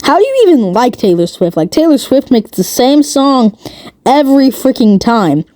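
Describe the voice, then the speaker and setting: A woman's voice: high voice, big pitch swings, moderate pace, warm tone. A woman giving a rambling, sarcastic commentary rant as a video creator. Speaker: commentary youtuber. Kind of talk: ranting commentary.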